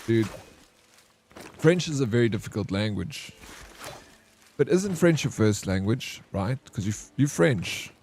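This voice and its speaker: A man live-streaming a game, chatting and joking with his viewers, and loudly welcoming raiders. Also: medium pitch, a little slow, long pauses, a little hiss or hum. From South Africa. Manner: jokey, excitable, banters with chat. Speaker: variety streamer. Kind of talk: casual live-stream chat while gaming.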